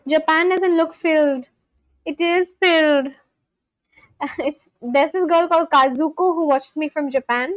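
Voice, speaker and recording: A woman's voice: sits high, measured pace, no echo, poor audio. A young woman chatting casually on a livestream, gushing and exclaiming often as she reacts to viewers.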